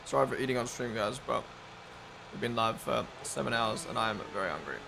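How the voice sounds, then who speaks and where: A man live-streaming a race watch-along, chatting with viewers in an excitable, casual way. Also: medium pitch, fairly quick, creaky. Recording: broadcast race audio noise behind. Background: race broadcast audio playing.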